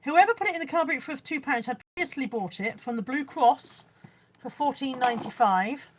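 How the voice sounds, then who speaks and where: A middle-aged woman with a Bristolian accent and a slightly high voice, chatting away to her viewers on a phone livestream. She is chatty and self-mocking and keeps reading out comments from the chat. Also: animated, brisk, a little hiss or hum. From Bristol, England. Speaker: livestream host selling boot sale finds. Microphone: phone camera.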